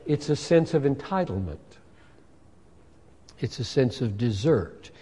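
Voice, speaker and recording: Emphatic preacher in a reverberant hall. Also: male voice, mid-range voice, measured pace, slightly rough. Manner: emphatic, expressive, acts out the voices in scripture. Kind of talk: sermon.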